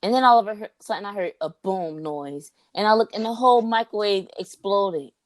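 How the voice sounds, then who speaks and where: A young woman co-hosting a podcast, telling stories in a casual, animated, slangy way. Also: mid-range voice, a little fast, dry recording. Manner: animated storyteller, slangy, says "like" and "bro" often. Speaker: podcast co-host. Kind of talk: casual chat.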